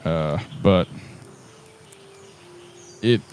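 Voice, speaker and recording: A man's voice: deep voice, very slow, darkish tone, a little hiss or hum. A man playing a tribal leader in a tabletop game, speaking earnestly with lots of hesitant fillers. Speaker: player. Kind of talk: in-character tabletop role-play.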